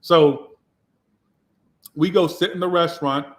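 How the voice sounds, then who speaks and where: A man's voice: a little high, steady tone, unhurried. A man, a tarot reader from Georgia, telling his own story in a candid, reflective way with some swearing. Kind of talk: casual personal storytelling.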